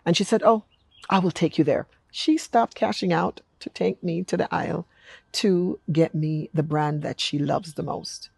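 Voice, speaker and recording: A middle-aged woman from Jamaica with an American accent, telling stories in a chatty, animated vlog and acting out quotes. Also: fairly low pitch, moderate pace, vocal fry, breathy edge, no echo. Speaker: vlogger and apostle. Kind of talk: casual storytelling vlog.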